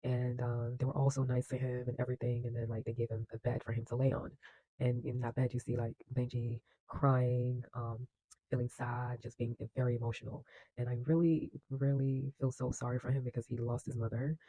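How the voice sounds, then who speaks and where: A man's voice: medium pitch, mellow, poor audio. A man casually retelling a film plot in a loose, chatty way, with lots of fillers and acted-out lines. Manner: acts out characters' lines with bursts of energy. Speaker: film reviewer.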